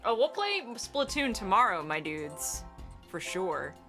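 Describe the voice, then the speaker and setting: A woman from the northern United States chatting through a game stream, profane and quick with frequent laughs. Her voice is mid-pitched and bright, with faint music underneath. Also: big pitch swings. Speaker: let's play streamer, co-host. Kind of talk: casual game-stream chat.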